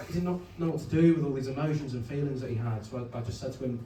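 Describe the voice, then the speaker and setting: A young man doing a stand-up comedy set, deadpan and hesitant, often stammering as he restarts his sentences. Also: medium pitch, racing. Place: comedy club stage. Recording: roomy venue mic from a distance. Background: audience laughter.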